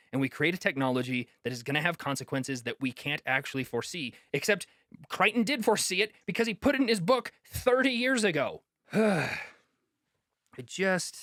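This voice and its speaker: Man, slightly high voice, impassioned video-essay rant, mocking asides, dry close mic. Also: a bit bright, no room sound. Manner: heated, exasperated ranting with mocking quoted voices. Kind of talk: impassioned commentary.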